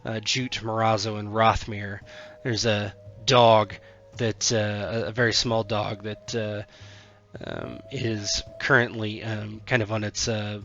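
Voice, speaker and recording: Slow, halting male game master. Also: fairly low pitch, fairly even intonation, gravelly, a bit bright, dull audio. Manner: halting, full of fillers. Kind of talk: narrating a tabletop game.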